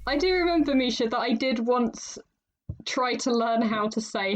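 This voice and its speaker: A woman's voice: a little high, normal speed. Chatty laughing woman podcast host. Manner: laughs often, chatty and animated. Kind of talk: casual chat.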